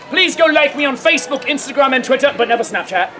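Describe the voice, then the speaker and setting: A woman street performer playing Will Shakespeare, telling a comic story with audience participation, energetic and often shouting and laughing. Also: high voice, fast talker, music in the background. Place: outdoor fairground stage. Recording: noisy outdoor crowd recording. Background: loud crowd and outdoor noise.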